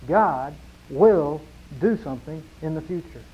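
A middle-aged pastor from New preaches in a slightly raised voice. He drives his points home through repetition, swinging from loud declarations to hushed lines. The recording sounds muffled and lo-fi. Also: fairly high pitch, animated, measured pace, slightly rough. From New Mexico, USA. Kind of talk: sermon.

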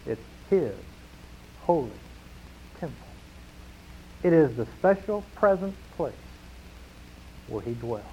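A man preaching a sermon to his congregation, emphatic, slowing down and falling quiet on key phrases. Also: a little high, big pitch swings, slight background noise. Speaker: pastor. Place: church sanctuary. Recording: dull lo-fi sound.

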